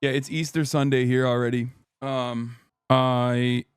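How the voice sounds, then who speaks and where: A man streaming casual reaction commentary in a profane, animated rant. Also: medium pitch, a little slow, smooth, dry recording.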